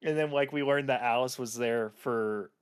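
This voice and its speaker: A man co-hosting a casual book chat, excitable and full of fillers, acting out his own reactions. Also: medium pitch, normal speed, clean tone, dry recording, studio quality. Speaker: podcast co-host discussing a book. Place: home setup with his own mic.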